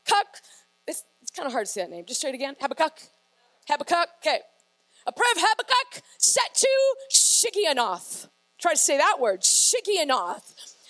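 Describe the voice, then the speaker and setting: A woman preaching a lively, playful sermon that rises to shouted praise. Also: high-pitched, fast talker.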